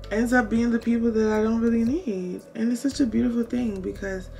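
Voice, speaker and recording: A woman's voice: a little high, steady tone, brisk, creaky, darkish tone, faint music behind. A woman in her twenties chatting to camera while doing her makeup, earnest and full of "like", giving faith-based advice to her viewers. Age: 20s. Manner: chatty and earnest, heavy use of "like"; faith-filled, advising viewers. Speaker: beauty vlogger. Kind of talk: casual chat to camera. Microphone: camera mic while doing makeup.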